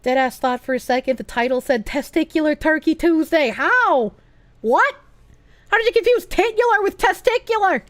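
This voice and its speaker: A woman's voice: high-pitched, expressive, moderate pace, no echo. A woman streamer in casual chat, reading viewer messages aloud, giggling often and talking bluntly and crudely.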